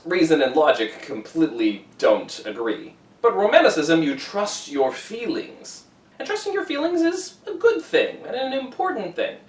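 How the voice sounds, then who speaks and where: Guy teaching a book chapter by chapter, super animated, bouncy up-and-down pitch, echoey room, mic a bit far. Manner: animated, enthusiastic explainer. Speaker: English teacher. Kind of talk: explaining a novel to students. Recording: roomy echo, away from the mic.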